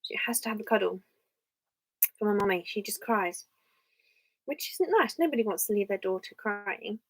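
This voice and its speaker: A woman's voice: mid-range voice, animated, moderate pace, rough recording. A young English woman chatting casually on a live stream from her home office, rambling and thinking aloud as she reads viewer comments.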